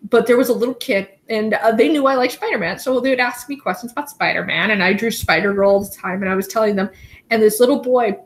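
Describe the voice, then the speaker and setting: A young adult woman, a guest on a casual podcast chat, telling stories excitedly and laughing often. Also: on the high side, fast.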